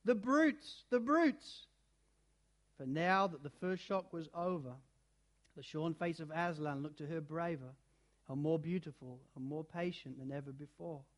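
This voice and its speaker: A man reading a children's storybook aloud in an expressive, dramatic way, shifting between loud and hushed passages. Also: fairly high pitch, moderate pace. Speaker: narrator.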